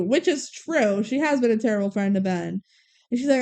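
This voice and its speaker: A woman's voice: a little high, moderate pace, warm tone, clear, resonant tone. A woman co-hosting a podcast, casually retelling a movie's plot and quoting the characters. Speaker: podcast co-host. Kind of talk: casual movie recap chat.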